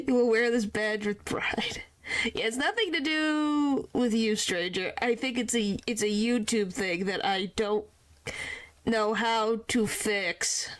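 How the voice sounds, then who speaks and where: A woman's voice: on the high side, unhurried. A woman chatting casually with her chat while streaming a game, often exclaiming in surprise.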